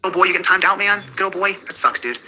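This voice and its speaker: A man's voice: sits high, lively intonation, fast, pushed and bright, rough recording. A man streaming live, rambling casually and addressing viewers by name. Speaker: livestreamer. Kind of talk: casual chat.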